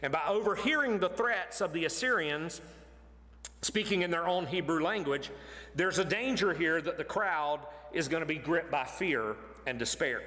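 A man preaching an expository sermon, animated and emphatic, pushing his voice up to stress points. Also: fairly high pitch, moderate pace. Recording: long hall reverb.

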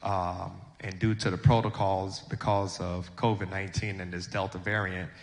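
A man leading a funeral service in a church, thanking the groups who helped, speaking unhurriedly with pauses. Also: deep voice, level tone, gravelly. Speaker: church officiant. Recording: long church reverb.

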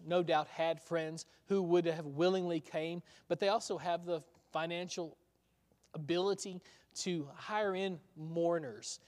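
Male preacher, conversational sermon, rhetorical questions, slightly high voice, long hall reverb. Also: darkish tone.

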